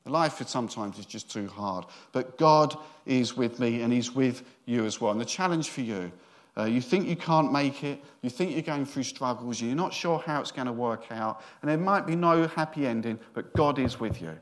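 A man's voice: medium pitch, normal speed. A middle-aged man, a senior minister giving a sermon in a chatty, joking storytelling way.

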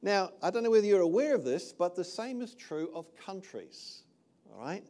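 Older male pastor from New Zealand, high voice, casual sermon delivery. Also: very animated, moderate pace, warm tone. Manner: conversational, checks in with "all right?".

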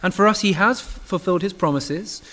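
A man delivers a sermon in a church with earnest emphasis. His voice sits a touch higher than most men's, and he leans hard into key phrases, occasionally restarting a word. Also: fairly quick, fairly bright tone. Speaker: preacher.

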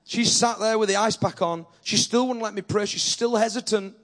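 Male preacher, high voice, animated sermon delivery that builds to forceful exhortation. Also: moderate pace. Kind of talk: sermon with storytelling.

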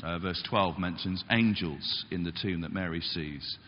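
A man preaching a sermon in a church, lively and expressive, acting out the quoted voices as he goes. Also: a little slow, a little hiss or hum. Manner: animated, acts out quotes with big pitch jumps. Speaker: pastor. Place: church hall. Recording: dull sound with long reverb in a church.

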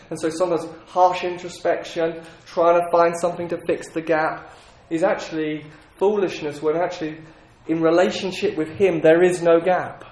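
A man's voice: fairly high pitch, steady tone, normal speed, hardly any pauses, a little mellow, roomy sound. A man giving an earnest sermon, acting out prayers and God's replies as he teaches. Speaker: preacher.

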